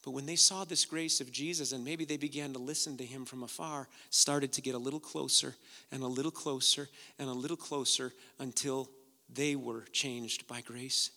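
Man preaching a sermon in a reverberant hall. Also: medium pitch. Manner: swings from hushed to loud preaching. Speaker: pastor.

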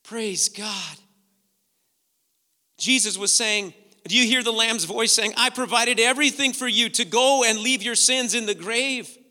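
A man pastor preaching a sermon, swinging from hushed, slow passages to loud, emphatic ones. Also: very high-pitched, long reverb tail.

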